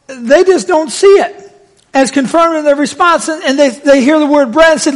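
A man preaching a sermon, telling the story with lively, acted-out voices. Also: extremely high pitch, normal speed.

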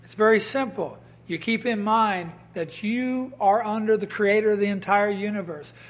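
A man with a strikingly high voice preaches at a normal speed, telling stories, quoting voices, and reading scripture aloud. His delivery builds up into emphatic, raised bursts.

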